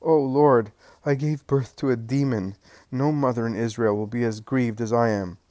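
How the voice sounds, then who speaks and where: A man voicing a grieving older mother who pleads in a high, loud voice. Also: normal speed, no echo, clean studio sound, lightly acted. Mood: anguished. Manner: high, loud, wailing pleas.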